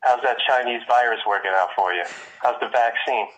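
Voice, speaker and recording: A man's voice: medium pitch, fairly quick, slight background noise. Taunting man on a muffled phone line. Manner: hostile, taunting, keeps shouting "what". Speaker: prank call target. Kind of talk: phone conversation. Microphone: telephone.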